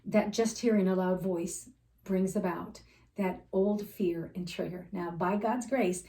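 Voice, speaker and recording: A woman's voice: lowish voice, fairly even intonation, measured pace, warm tone, distant mic. A woman life coach sharing personal faith stories in an earnest, heartfelt storytelling manner, sometimes holding back tears. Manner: earnest storytelling, emotional at times. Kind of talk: faith-based personal talk. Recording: roomy sound, a bit off-mic.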